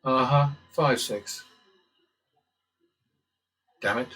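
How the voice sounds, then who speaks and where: A man's voice: mid-range voice, extremely slow, fairly bright tone, low-quality recording. A man casually talking through simulated blackjack hands, muttering calculations with wry asides and the odd swear word. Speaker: blackjack strategy channel host. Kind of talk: casual commentary while playing simulated blackjack.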